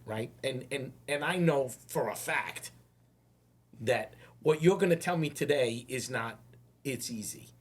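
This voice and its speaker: A man hosting a podcast interview, talking in a rambling way, repeating words and slowing down to stress his points. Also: medium pitch, slightly rough. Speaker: podcast host. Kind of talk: casual interview.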